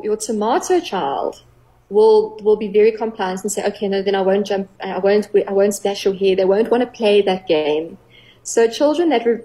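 A middle-aged woman, a clinical psychologist, explaining earnestly on a radio talk show, with gentle playful examples. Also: medium pitch, rough recording.

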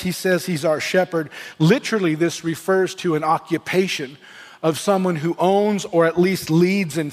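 A male pastor preaching in an earnest, building way, with a somewhat high voice. His words ring out with a long reverb from the church hall around him. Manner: earnest preaching with restarts and rising emphasis. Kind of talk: sermon.

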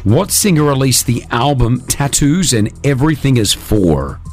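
A man hosting a breakfast radio show from a studio, joking with callers and running a quiz in a brisk, upbeat way. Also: mid-range voice, animated, a little mellow, soft background music.

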